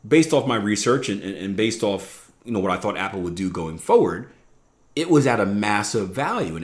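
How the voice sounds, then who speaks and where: A man hosting his own trading podcast, talking casually and often tossing in "right?" as he explains. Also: low-pitched. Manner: conversational, frequent "right?" asides. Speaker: podcast host, trading coach. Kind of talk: casual solo podcast talk. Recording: echoey room.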